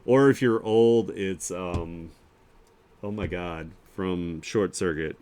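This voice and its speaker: A man hosting a casual art share stream, talking through the artwork in a loose, rambling way. He fills his talk with "like" and "um" and chuckles often. His voice sits on the low side. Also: takes it slowly, a little mellow. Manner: laid-back and rambling, with many fillers and chuckles. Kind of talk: casual live-stream chat.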